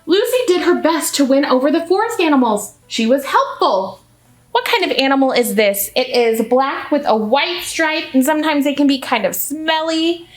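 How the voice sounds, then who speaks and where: A woman reads a picture book aloud to children in an animated storytime voice, stopping to ask her listeners questions. Her voice is high and lively, rising and falling often. It rings in an echoey room with faint music in the background. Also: normal speed, few pauses. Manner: animated, asks the audience questions. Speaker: children's librarian. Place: library.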